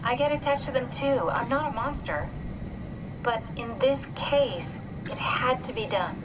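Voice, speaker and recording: Lady voicing a no-nonsense game sidekick, high voice, loud noise behind. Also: natural voice. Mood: matter-of-fact. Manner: brisk, practical. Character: pragmatic woman companion, matter-of-fact. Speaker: game character.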